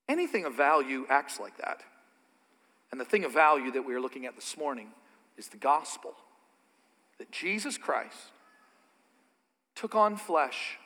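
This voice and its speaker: A man preaching with a high, bright, forceful voice that carries through a reverberant church hall. He drops into quiet, conversational asides and then builds to loud, emphatic declarations. The long reverb trails after each phrase. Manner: dynamic preaching, swings from soft asides to loud emphatic peaks. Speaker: pastor. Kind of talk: sermon.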